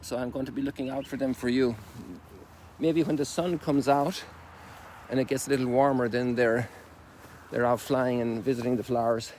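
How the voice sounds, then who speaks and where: An older Irish priest talks outdoors at a middle pitch, in a loose, rambling, homely way. His informal sermon drifts through folksy asides as he walks, caught on a phone with faint outdoor sound behind. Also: fairly even intonation, moderate pace, darkish tone, slight background noise. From Ireland. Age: 60s. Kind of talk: informal reflective sermon while walking. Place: outdoors on a sunrise walk.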